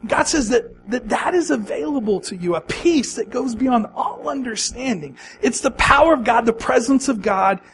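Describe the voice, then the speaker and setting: A man with a very high voice preaches with passion. He repeats key phrases for emphasis and pulls the congregation in with questions and call-and-response. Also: animated, normal speed, few pauses, a bit bright, a little hiss or hum, rough recording. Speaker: pastor. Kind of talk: sermon.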